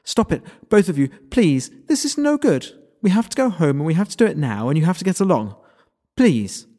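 An earnest, anxious teenage schoolgirl , as a male narrator puts her on, with a voice pushed high and a little shrill. She sounds urgent and insistent. It is a storybook figure read aloud. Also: very animated, a little fast, mellow.

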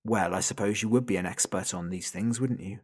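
A man voicing a sinister unseen entity speaking through a toy phone, slow, soft and mocking, in an audiobook story. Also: lowish voice, breathy edge. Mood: menacing. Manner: taunting, soft and slow, drawing out the listener's name. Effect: tinny and thin through a phone.

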